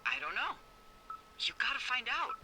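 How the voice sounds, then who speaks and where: An actress playing a sharp-tongued, teasing middle-aged woman who supervises fire lookouts, in video game voice acting over game music. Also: on the high side, big pitch swings, moderate pace, very noisy. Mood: worried. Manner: wisecracking, teasing.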